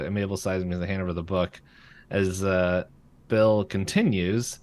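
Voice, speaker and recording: A man's voice: sits low, fairly even intonation, unhurried, long pauses. A man co-hosting a podcast, casually recapping a cartoon episode with lots of fillers and laughter. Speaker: podcast co-host. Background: passing freight train.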